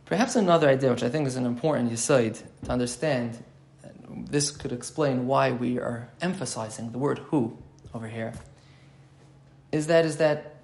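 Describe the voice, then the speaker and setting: A man giving an explanatory Torah class, thinking aloud and repeating key phrases as he explains. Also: medium pitch. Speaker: Torah teacher.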